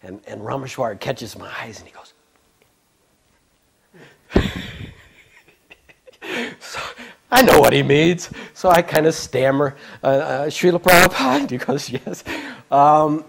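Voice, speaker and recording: Older man, average pitch, loose anecdotal storytelling, rambling with stammers. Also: lively intonation, slow, vocal fry, pauses often, slight background noise. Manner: rambling, self-interrupting, with laughs and stammers. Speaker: devotee recalling memories. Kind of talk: casual storytelling.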